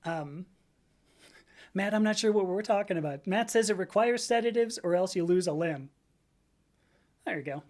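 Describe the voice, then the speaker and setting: A woman's voice: mid-range voice, animated, moderate pace, long pauses, darkish tone. A middle-aged American woman hosting a casual livestream, answering chat comments in a rambling way, often correcting herself. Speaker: livestream host reading chat.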